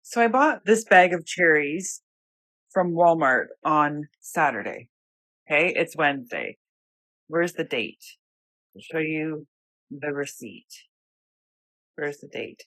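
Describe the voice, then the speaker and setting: A woman's voice: sits low, lively intonation, takes it slowly, pauses often, a bit bright. A woman filming an exasperated, swearing rant about spoiled food she bought. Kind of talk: angry phone review video.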